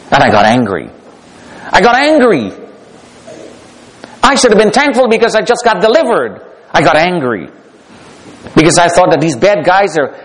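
A man with a high voice recounts his own survival as spoken testimony. He talks emphatically, repeating key words, and swings between hushed passages and forceful ones. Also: rough recording. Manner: emphatic, repeats phrases for effect. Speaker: survivor telling his story.

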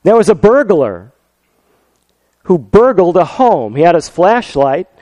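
A male pastor preaching a sermon, telling stories with lively swings from loud to soft. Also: sits high, a little slow, no room sound. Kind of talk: sermon with storytelling.

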